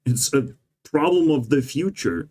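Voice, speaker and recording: A man's voice: medium pitch, expressive, measured pace, a little mellow. A man delivering a rambling, profane and sarcastic monologue as a vlogger. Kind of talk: ranting monologue.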